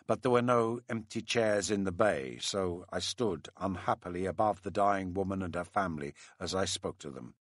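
Deep-voiced man reading a memoir. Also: normal speed, few pauses, no room sound, studio quality. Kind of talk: audiobook narration.

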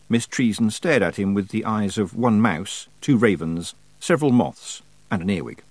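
A man narrates a story in a measured, storytelling manner. His pitch moves in a lively way. The recording is dry and close. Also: dry recording. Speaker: audiobook narrator. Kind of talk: scripted narration.

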